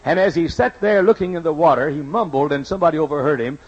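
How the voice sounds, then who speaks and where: An older man preaches, his voice husky and a touch high. He drives his points home by repeating them and mixes in folksy stories. The recording is dull and lo-fi, like an old church tape. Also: quick pace. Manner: emphatic preaching, repeats key lines, folksy asides. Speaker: pastor. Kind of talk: sermon with personal stories. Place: church sanctuary.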